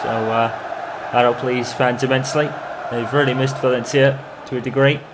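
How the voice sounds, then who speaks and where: A man commentating over his own football video game in the style of a match broadcaster, calm between plays and erupting into shouts when a goal goes in. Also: medium pitch, normal speed, background noise. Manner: excitable, bursts into shouting on goals. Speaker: gamer doing mock football commentary. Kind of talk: playful imitation of match commentary over gameplay.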